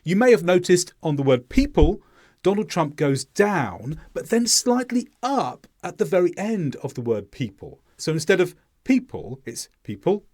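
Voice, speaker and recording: A man teaching English pronunciation in a clear, deliberate explaining voice-over. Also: sits high, very animated, a little mellow.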